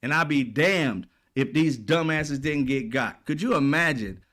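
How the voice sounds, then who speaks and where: A man's voice: on the high side, a little slow, fairly bright tone. A man hosting political commentary, ranting in a blunt, profane, exasperated way.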